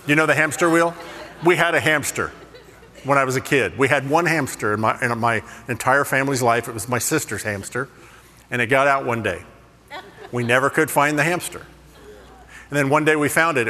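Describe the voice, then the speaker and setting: A man preaching a sermon, telling funny stories in an animated, self-deprecating way. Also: mid-range voice, brisk, long reverb tail. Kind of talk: humorous sermon storytelling.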